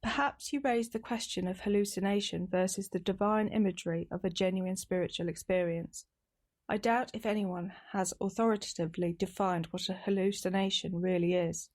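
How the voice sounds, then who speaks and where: Measured woman reader. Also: medium pitch, fairly even intonation, a little mellow. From East Midlands, England. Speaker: reader of daily recovery readings. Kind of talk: reading aloud from texts.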